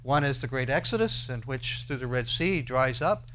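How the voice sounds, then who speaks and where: A man preaching a sermon, who swings between loud declarations and quiet asides and asks his listeners many rhetorical questions. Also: medium pitch, expressive, normal speed, a little hiss or hum. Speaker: pastor.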